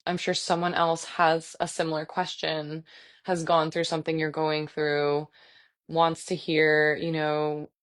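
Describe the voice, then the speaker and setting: A lower-pitched woman speaking into a computer on a video call as she closes a virtual class. She is effusive and a little teary, thanking attendees warmly. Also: monotone, measured pace. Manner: warm, effusive and gushing, reads chat comments aloud. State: emotional, tearing up. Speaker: fitness instructor. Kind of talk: live virtual class wrap-up.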